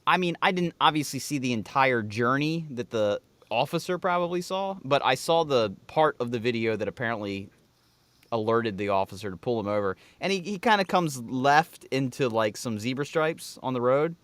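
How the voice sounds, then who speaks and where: A man's voice: mid-range voice, lively intonation, normal speed, fairly bright tone, no echo. A man co-hosting a podcast in loose, rambling, profane casual chat. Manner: loose, rambling, swears freely. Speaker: podcast co-host.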